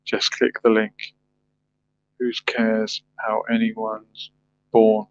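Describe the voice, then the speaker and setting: Speaking in a lowish voice with a completely flat delivery at an extremely slow pace, a man hosts a livestream. He chats casually, reads viewer comments, and muses aloud with rhetorical questions. The recording is dry, dull, and lo-fi.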